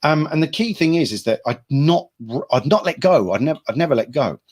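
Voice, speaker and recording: A man's voice: a little high, lively intonation, a little fast. A middle-aged man from England, a hypnotherapy trainer, telling stories in a rambling, casual way to an online audience. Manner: rambling, repeats himself, acts out quotes loudly.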